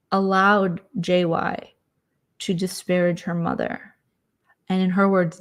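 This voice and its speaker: A woman hosting a casual late-night chat vlog, telling stories with exasperated sarcasm and mocking voices. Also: on the low side. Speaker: vlogger host.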